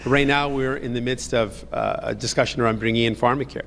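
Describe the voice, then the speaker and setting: A man's voice: medium pitch, fairly even intonation, a little fast, creaky, fairly bright tone, slight background noise. A man who is a politician answering reporters in a played clip, repeating rehearsed talking points. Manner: repetitive, evasive, rehearsed. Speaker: politician in a press scrum.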